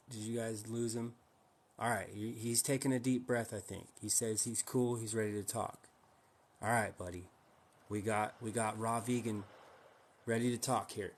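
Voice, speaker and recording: A man hosting a casual livestream, pushy and teasing, firing rhetorical questions at his viewers. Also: medium pitch. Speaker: livestream host.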